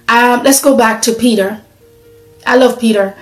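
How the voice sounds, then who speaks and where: A woman's voice: fairly high pitch, little pitch movement, moderate pace, faint music behind. Earnest woman preaching in an echoey room. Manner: earnest, conversational, rhetorical questions. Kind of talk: sermon.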